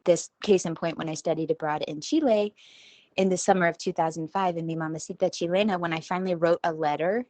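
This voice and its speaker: A woman's voice: fairly low pitch, steady tone, fast, darkish tone, no room sound. A woman around forty, talking in a rambling, self-deprecating casual monologue as a podcast host, laughing at herself. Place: at home.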